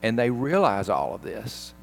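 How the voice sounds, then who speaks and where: A pastor giving a sermon, retelling a film scene in an animated, emphatic way. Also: male voice, on the low side, a little slow, vocal fry.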